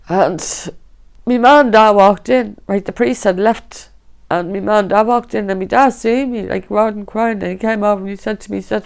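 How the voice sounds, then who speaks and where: A woman's voice: medium pitch, creaky, darkish tone. A middle-aged woman with a Dublin accent, giving a personal testimony in an interview and telling her story vividly, acting out the voices of others. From Dublin, Ireland. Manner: vivid storytelling, reenacting voices, frequent "right?". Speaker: interviewee, fire survivor.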